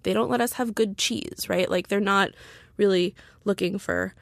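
Woman, creaky voice, chatty storyteller, lots of fillers, dry close sound. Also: medium pitch, normal speed, dry recording. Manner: chatty storyteller, many fillers, sarcastic asides. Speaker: guest, writer. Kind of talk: casual podcast chat.

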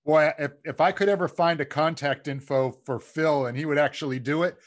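A man's voice: a little high, fairly even intonation, fairly quick. A man hosting a taped interview, joking casually with his guest. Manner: jokey and friendly, with restarts. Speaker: podcast host.

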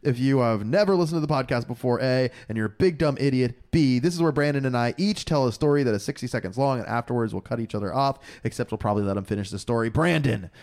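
A man's voice: medium pitch, fast, few pauses. A young man co-hosting a comedy podcast, joking and laughing often as he talks. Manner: jokey, laughs often, animated. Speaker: podcast co-host. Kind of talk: casual comedy podcast chat. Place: New York area.

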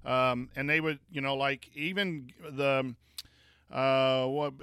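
A former coach talks through a casual sports chat in a bright, smooth voice. He rambles with many fillers and restarts, and the recording is dry and close. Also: medium pitch, steady tone, slow, dry recording. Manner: reads chat comments aloud. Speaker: podcast co-host, former coach.

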